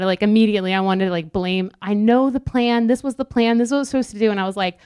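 Preaching earnestly and conversationally, this young woman slips into quick asides during her sermon. She has a smooth, resonant, darkish voice at medium pitch with a steady tone, recorded dry without echo.

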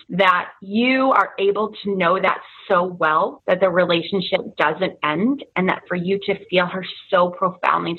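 Brief: woman co-host, low husky voice, thin phone-like sound, measured. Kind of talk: conversational reflection. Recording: tinny phone-like line.

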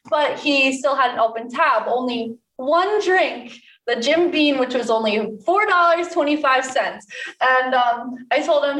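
A woman's voice: high-pitched, measured pace, a bit bright. A young woman, a bartender, telling a story in casual chat, laughing often and chatty with fillers. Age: young adult. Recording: echoey room from a distance.

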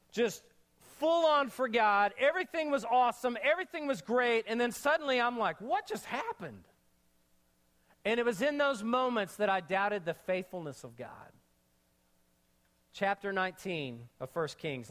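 A male pastor preaching an energetic sermon, mixing jokes and slangy asides into the message. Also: high voice.

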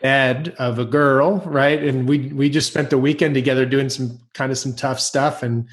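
A man's voice: mid-range voice, fairly even intonation, normal speed. A man hosting a podcast, curious and rambling, with frequent restarts. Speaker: host. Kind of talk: casual podcast conversation.

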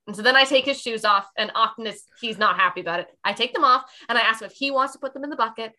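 A woman's voice: mid-range voice, quick pace, sharp tone. A woman hosting a podcast, a mother telling a parenting story in a chatty way and laughing often. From Canada. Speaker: podcast host, mother of a toddler. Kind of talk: casual podcast conversation.

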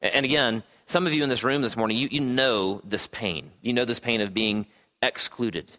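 Speaking at normal speed in a medium-pitched, bright, forceful voice, this man delivers a conversational sermon in a church gathering room. He frequently asks "right?" and adds wry asides.

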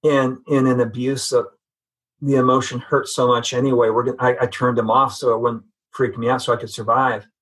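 Husky-voiced man telling his story. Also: medium pitch, flat delivery, a little fast, fairly bright tone, poor audio. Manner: earnest, reflective storytelling. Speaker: podcast guest. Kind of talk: personal testimony in conversation.

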